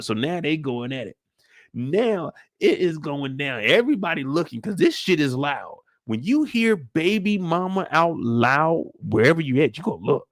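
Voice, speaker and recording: A man's voice: a little high, sing-song, moderate pace, dry recording, clean studio sound. A young adult man hosting a casual, slangy TV recap who acts out scenes as he goes. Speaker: show recap host.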